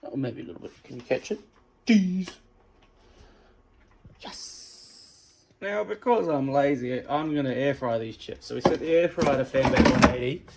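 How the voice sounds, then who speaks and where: A man's voice: mid-range voice, a little fast, gravelly, hardly any pauses, background noise. A man from England doing a casual, self-mocking home cooking vlog, chatting to his dogs between steps. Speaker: cooking vlogger.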